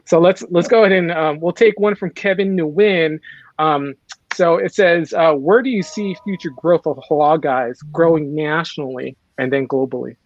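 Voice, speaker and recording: A man with a higher voice hosts a casual chat, upbeat and full of fillers. His sound comes through a dry, dull call line with no room to it. He reads out audience questions in a loose way. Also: normal speed, dry recording. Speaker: host.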